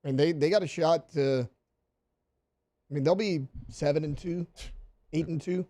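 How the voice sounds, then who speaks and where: A man's voice: a little high, a little slow, dark tone. A man who is a regular on a sports radio show, easygoing and making his case with rhetorical questions. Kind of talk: casual sports talk. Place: radio studio.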